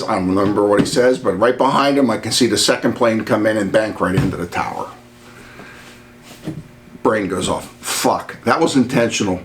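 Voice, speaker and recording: Low-voiced middle-aged man telling a story. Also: slight background noise. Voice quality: relaxed, blunt, swears freely. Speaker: channel host. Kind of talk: casual storytelling vlog.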